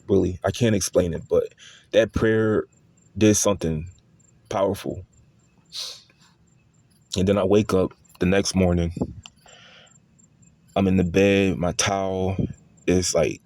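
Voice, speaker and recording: A young man giving a casual spoken testimony, halting and repeating himself, often restarting with fillers. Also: sits low, mellow. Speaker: storyteller recounting a personal experience.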